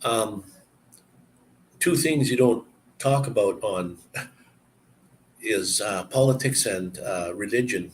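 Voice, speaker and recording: A man's voice: lowish voice, slow pace, pauses often, a little hiss or hum, rough recording. A man hosting a live stream, chatting casually and rambling from one story to the next with chuckles.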